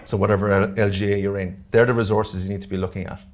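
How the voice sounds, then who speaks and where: A man with an Irish accent presenting a live workshop to a room, talking quickly and jokily and often checking in with "okay?" and "all right?". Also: fairly low pitch, level tone. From Ireland. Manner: fast-talking, jokey, keeps checking in with the audience. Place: community centre meeting room.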